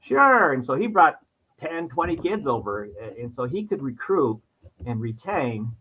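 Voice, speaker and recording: A man's voice: mid-range voice, very animated, moderate pace, a little hiss or hum. Talkative New man, dull lo-fi audio. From New York. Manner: talkative, rambling, restarts a lot. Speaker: insurance agent, podcast guest. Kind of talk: casual interview chat. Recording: dull lo-fi sound.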